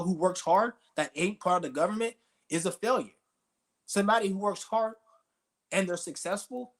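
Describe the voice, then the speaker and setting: A man's voice: fairly high pitch, fairly bright tone. A man streaming a profane, confrontational ranting monologue, insulting his listeners as he goes.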